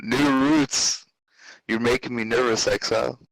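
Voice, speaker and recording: A man's voice: medium pitch, steady tone, unhurried, creaky, noisy background. A man voicing a jittery male game character, trying one line in ever-changing inflections. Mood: nervous.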